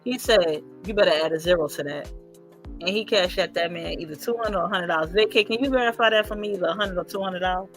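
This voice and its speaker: A woman hosts a casual gossip stream, cursing freely and acting out what others said. She speaks in a bright, sharp voice. Faint music plays underneath. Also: mid-range voice, quick pace, hardly any pauses. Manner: animated, profane, mimics others' voices. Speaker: host.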